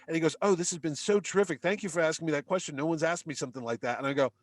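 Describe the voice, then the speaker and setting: Animated storytelling man, dry close sound. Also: a little high, racing, no room sound. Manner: animated anecdote teller, acts out dialogue. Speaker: podcast guest. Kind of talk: casual storytelling.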